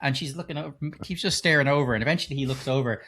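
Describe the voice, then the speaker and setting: A man's voice: medium pitch, very fast. A middle-aged man co-hosting a podcast, retelling movie scenes in casual, sweary chat. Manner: animated, sweary storytelling. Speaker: podcast co-host.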